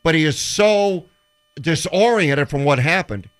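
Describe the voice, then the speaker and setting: A man's voice: on the high side, unhurried, clear, resonant tone. A man on a sports talk show, telling stories and acting out the voices of the people in them. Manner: animated storyteller who acts out quotes. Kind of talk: casual radio show chat.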